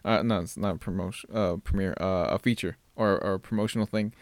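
A man's voice: deep voice, fairly even intonation, quick pace, no echo, studio quality. A man co-hosting a podcast in casual chat, hesitant and full of restarts. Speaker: podcast co-host.

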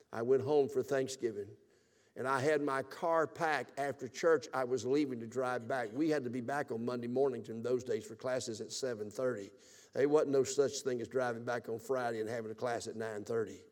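A man in his seventies preaching a revival sermon, telling his own story and swinging from loud exclaiming to hushed, tearful telling. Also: mid-range voice, steady tone, fairly quick, big-room sound. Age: 70s. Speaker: pastor. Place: church sanctuary.

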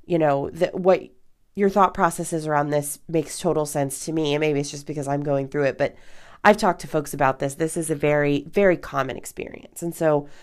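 Woman, 30s, low-pitched, podcast host, candid casual monologue, swears casually. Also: steady tone, a little fast. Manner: candid and chatty, with frequent fillers and casual swearing.

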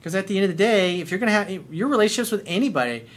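A middle-aged man giving blunt, profane dating advice in an animated monologue. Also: high voice, rapid-fire. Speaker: dating coach.

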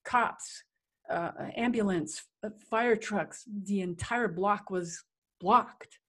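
Middle-aged woman, interview guest; vivid, animated storyteller who acts out sounds and voices, medium pitch. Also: slow pace. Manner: vivid, animated telling with acted-out sounds and quotes. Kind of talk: personal storytelling in conversation.

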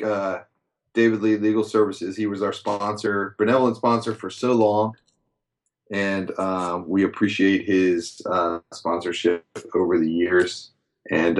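A man co-hosting a casual sports podcast, laid-back and slangy, often laughing. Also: on the low side. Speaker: podcast co-host.

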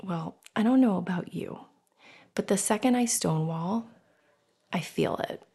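A middle-aged woman hosts a personal podcast, speaking candidly and emotionally and swearing freely. Her medium-pitched voice is creaky and husky and a little slow, and she animatedly acts out scenes in whispers and different voices.

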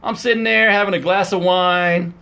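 Male sports podcast co-host, high voice, animated, playful banter. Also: moderate pace, gravelly. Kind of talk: casual sports talk.

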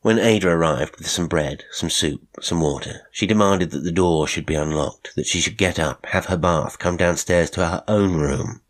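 A man narrating a classic horror short story in a measured, unhurried way. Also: low-pitched. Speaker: narrator and producer.

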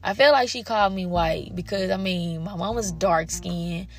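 A woman's voice: on the low side, normal speed. A young woman, a parent, telling frank, profane stories straight to her viewers, acting out the voices of her family as she goes. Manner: frank and profane, acts out quoted family members. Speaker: parent sharing personal stories. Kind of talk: candid personal storytelling to viewers.

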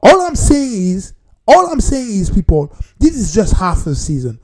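A man giving a casual, animated football opinion monologue, repeating himself and talking straight to his viewers. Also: high-pitched, normal speed. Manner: animated, repetitive, talks straight to viewers as "people". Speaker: football commentator.

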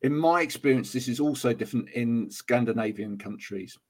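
A man hosting a casual podcast chat, animated and laughing as he acts out what other people say. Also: medium pitch, brisk, husky. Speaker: podcast host.

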